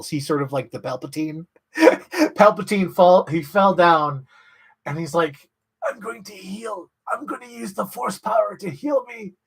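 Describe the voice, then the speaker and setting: A man in an excited, rambling monologue, swearing freely and filling his talk with "like". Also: a little high, breathy edge. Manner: enthusiastic, profane, filler-heavy. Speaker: channel host.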